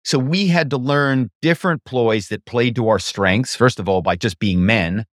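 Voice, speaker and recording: Animated man telling stories. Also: mid-range voice, normal speed, no echo, studio quality. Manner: animated, slips into voices. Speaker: guest. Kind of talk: storytelling interview answers.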